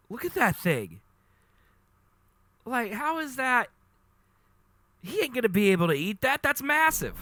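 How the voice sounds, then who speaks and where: Young male streamer, excitable and gushing, very bright voice with wildly swinging pitch. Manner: excitable, gushing, laughs often. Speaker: live streamer. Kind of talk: casual livestream chat.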